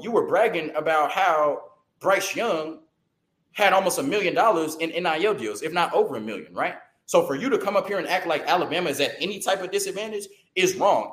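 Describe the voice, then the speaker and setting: A man hosting a sports show, delivering a heated, opinionated rant full of rhetorical questions and tag-on "right?", talking fast and stumbling over words when excited. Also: a little high, echoey room, rough recording.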